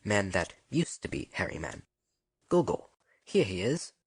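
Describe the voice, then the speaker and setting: A woman's voice: a bass voice, big pitch swings, a little slow, husky, no room sound, voice pushed down, exaggerated voice. A woman reading an audiobook, voicing a jovial, boisterous male doctor with thick emphasis. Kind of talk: audiobook narration.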